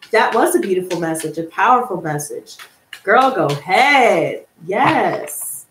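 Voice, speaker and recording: A woman hosting a live tarot stream, reading out viewer comments and answering them in a gushing, excitable way that breaks into laughter. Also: mid-range voice. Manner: excitable, gushing, calls viewers girl and honey, bursts of laughter. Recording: echoey room with faint noise.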